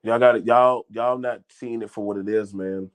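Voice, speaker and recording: A man's voice: fairly low pitch, steady tone, normal speed. A middle-aged man hosting his own channel, talking straight to viewers in a blunt, swearing way, repeating words and restarting his lines. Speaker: channel host. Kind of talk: unscripted commentary to viewers.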